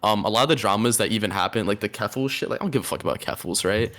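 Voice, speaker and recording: Laid-back low-voiced young man. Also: rapid-fire, fairly bright tone. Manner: laid-back, dismissive, rambling with fillers. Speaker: guest streamer. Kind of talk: casual stream chat.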